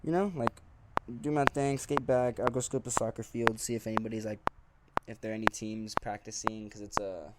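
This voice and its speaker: Rambling young man, noisy recording. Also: on the low side. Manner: rambling, profane, many fillers and restarts. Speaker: podcast host. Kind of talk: casual storytelling monologue. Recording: loud background noise.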